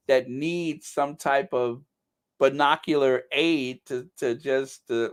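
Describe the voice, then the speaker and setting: A man's voice: mid-range voice, slow. A middle-aged man hosting a casual live chat, reading viewer comments and joking at his own expense with mock-indignant outbursts. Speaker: channel host.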